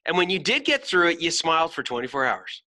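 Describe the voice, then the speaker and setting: A man's voice: fairly high pitch, very animated, quick pace, bright, forceful tone. A middle-aged man hosting a podcast, giving a blunt, emphatic motivational talk full of swearing. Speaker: podcast host.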